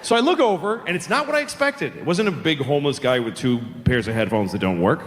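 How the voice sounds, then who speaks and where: On a large theater stage, a man does a stand-up comedy set, loosely telling rambling, profane stories in a fairly high, expressive, fast voice. The recording carries long hall reverb along with audience noise.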